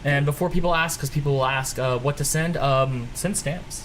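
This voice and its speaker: A man's voice: mid-range voice, normal speed, fairly bright tone, a little hiss or hum. A man hosting a casual livestream chat from home. He rambles and often restarts his sentences. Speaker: host.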